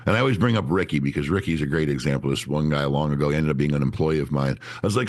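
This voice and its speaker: Very deep-voiced blunt man. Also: very fast, few pauses. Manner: blunt, animated, swears freely. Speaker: sales trainer, podcast guest. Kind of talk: candid interview talk.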